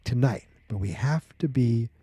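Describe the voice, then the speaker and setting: A man's voice: medium pitch, unhurried, mellow, husky, no room sound. A man voicing a protective teenage girl who talks firmly, like a bossy older sister.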